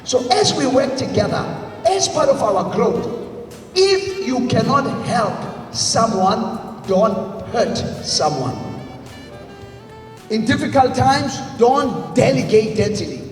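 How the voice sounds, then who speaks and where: High-voiced man in echoey hall. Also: sing-song, takes it slowly. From South Africa. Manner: emphatic, drills the audience with repeat-after-me lines. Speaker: motivational speaker. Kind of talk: motivational leadership seminar talk. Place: large congress hall. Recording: echoey hall, voice from far off, faint music.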